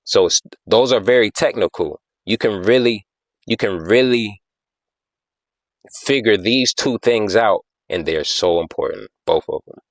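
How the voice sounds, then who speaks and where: A podcast host chats casually and explains things, repeating himself and often asking "you know what I'm saying?" while tapping out rhythms with "da da da." His voice is on the low side and a little slow, and the recording is dry.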